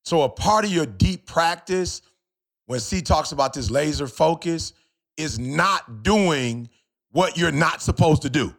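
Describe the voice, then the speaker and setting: A man's voice: a little high, lively intonation, unhurried, gravelly, fairly bright tone. A man, a motivational speaker and co-host, talking with fervent, preachy drive on a podcast, repeating lines for emphasis and calling out to listeners. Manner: addresses listeners directly as y'all. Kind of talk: passionate podcast talk.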